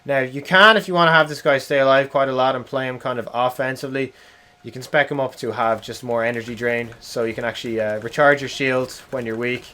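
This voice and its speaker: A young man, streaming a game and chatting casually, swearing and yelling at the game. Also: medium pitch, fairly even intonation, brisk. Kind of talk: casual live-stream commentary.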